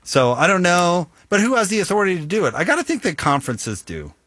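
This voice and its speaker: A man's voice: high-pitched, huge pitch swings, quick pace, fairly bright tone, dry recording. A man hosting a casual sports talk show, playful and conversational.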